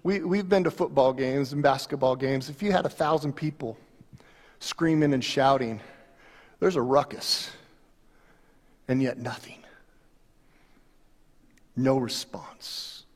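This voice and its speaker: A male pastor preaching a sermon with animated storytelling, dramatic pauses and big swings in volume. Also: medium pitch. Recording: long hall reverb.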